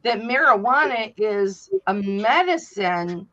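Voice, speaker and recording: A woman with a medium-pitched voice hosts a casual chat, speaking slowly as she tells stories. She's an animated storyteller who swears freely and acts out what people said. The recording has a dull, lo-fi quality.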